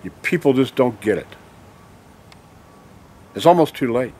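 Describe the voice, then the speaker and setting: This man's mid-range voice is animated, mellow and unhurried as he vents in a heated vlog monologue to camera. He speaks emphatically and repeatedly checks in with "okay?", with a little hiss or hum present.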